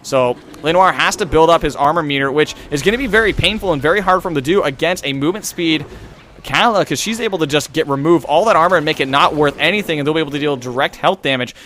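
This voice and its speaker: A young man in his twenties calling a video game match play by play, rapid and excitable. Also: a little high, slight background noise. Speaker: esports caster.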